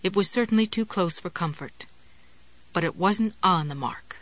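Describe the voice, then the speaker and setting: A woman reading a novel aloud as an audiobook narrator, in a measured storytelling delivery. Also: on the low side, dry recording. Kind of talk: scripted narration.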